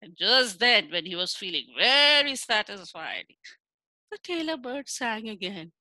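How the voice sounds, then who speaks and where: A woman telling a children's folk tale with animated, dramatic phrasing. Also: medium pitch, unhurried, no room sound, rough recording. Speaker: storyteller. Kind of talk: children's storytelling.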